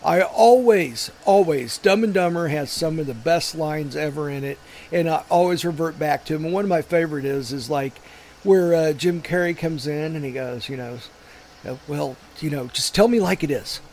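Rambling man with a slightly high voice. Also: moderate pace, a little mellow, slight background noise. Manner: rambling, swears, quotes movie lines in funny voices. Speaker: podcast co-host. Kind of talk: casual banter.

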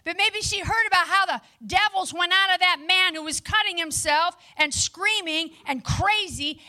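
High bright energetic woman preacher. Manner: energetic and lively, chatty asides to the audience. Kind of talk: sermon. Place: before a live audience.

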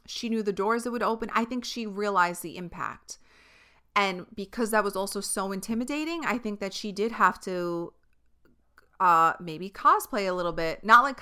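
Bright, crisp New York woman. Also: medium pitch. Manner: chatty, frank, swears, lots of filler words. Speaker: podcast host. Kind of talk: casual solo podcast monologue.

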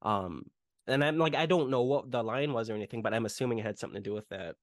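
A man's voice: medium pitch, fast, dry recording, clean studio sound. A man casually retelling film scenes on a podcast, rambling with lots of fillers. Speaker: podcast host. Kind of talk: casual movie podcast chat.

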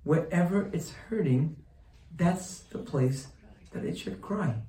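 Heard from a distance in an echoey room, a rabbi delivers a sermon-like Torah lesson in a high-pitched, gravelly, mellow voice, taking it slowly. He reads Hebrew passages and translates them, asking rhetorical questions and repeating phrases to stress them.

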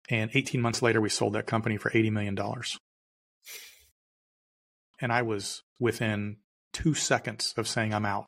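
A middle-aged man speaks as a podcast guest in a fairly low voice. He tells his story with emphasis and circles back on his key phrases. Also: little pitch movement, normal speed, pauses often, a bit bright. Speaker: guest entrepreneur. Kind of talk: storytelling interview answer.

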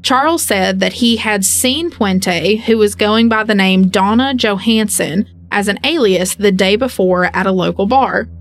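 A woman's voice: medium pitch, unhurried, hardly any pauses. A woman co-hosting a podcast, reading case details and then slipping into joking asides. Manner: reads case details, then jokes and acts out people with playful asides. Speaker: podcast co-host. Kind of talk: casual true-crime podcast storytelling.

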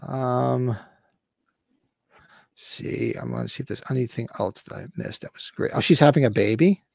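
A man's voice: mid-range voice, moderate pace, creaky, a little mellow, no room sound. A man in his fifties hosting a casual podcast, talking with rambling enthusiasm and swearing freely. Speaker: podcast host.

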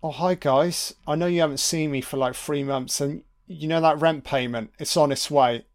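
A man's voice: fairly high pitch, steady tone, normal speed, natural voice. A man voicing a sly, scheming male tenant who mocks his landlords in a sing-song, sweary way. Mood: smarmy.

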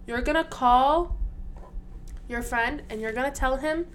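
A woman's voice: high voice, measured pace, slight background noise. A young woman co-hosting a podcast in casual chat, giggly and flustered, protesting with laughs. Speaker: podcast co-host.

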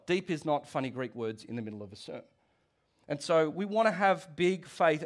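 Preaching from the pulpit, a middle-aged pastor with a fairly high voice keeps things conversational and energetic, with frequent asides and restarts.

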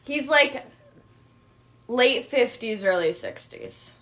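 A woman in her twenties co-hosting a podcast in relaxed, casual chat with many "like"s. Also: a little high, takes it slowly. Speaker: podcast co-host.

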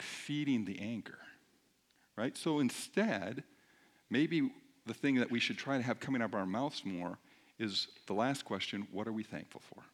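A man preaching in a lively, conversational way, then praying quietly. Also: medium pitch. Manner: animated and conversational, rising loud when preaching. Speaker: pastor. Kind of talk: sermon then quiet prayer.

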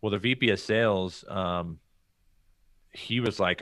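Low-voiced American man telling a story. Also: unhurried, pauses often, no echo, studio quality. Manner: animated storyteller acting out quoted dialogue. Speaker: podcast guest. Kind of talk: casual storytelling interview.

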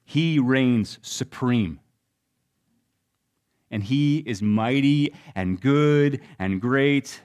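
A young adult man preaching a sermon, telling the story with shifts between loud and hushed delivery. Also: medium pitch, drawn-out words, pauses often, clear, resonant tone. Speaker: pastor.

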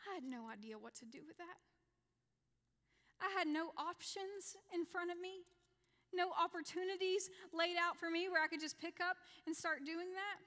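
A woman's voice: very high-pitched, moderate pace, sharp tone. A woman in her thirties giving an earnest personal testimony to a women's church gathering, repeating key lines for emphasis. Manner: earnest, repetitive, acts out her own prayers. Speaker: women's ministry leader and speaker. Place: church hall, women's evening. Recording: reverberant church hall.

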